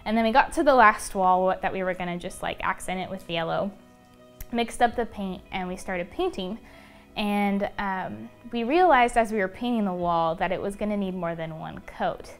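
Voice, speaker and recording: Young woman rambling through a story, lots of ums and likes, soft music behind. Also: medium pitch, moderate pace. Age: young adult. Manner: chatty, many fillers like "um" and "like". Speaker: interview guest. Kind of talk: casual personal storytelling.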